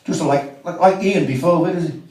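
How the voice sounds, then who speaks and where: A man's voice: a little high, a little fast, darkish tone. A man doing a cheeky, chatty stand-up set at a comedy club, with asides to the crowd. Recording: echoey room, mic from far off.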